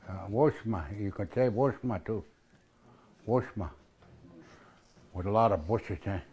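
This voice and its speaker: Man, language teacher, slow pace, repeats words, spells them out, casual classroom talk. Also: lowish voice, a little mellow.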